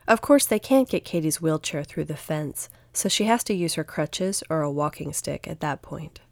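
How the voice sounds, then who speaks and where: Low-voiced woman narrating a children's story. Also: moderate pace, gravelly, a little mellow, no echo. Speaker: audiobook narrator.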